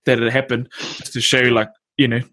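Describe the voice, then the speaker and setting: A man's voice: mid-range voice, little pitch movement, a bit bright. A man with a New Zealand accent hosting a casual chat, laid-back and full of slang. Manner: laid-back slang-heavy banter, quick to laugh. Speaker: podcast host.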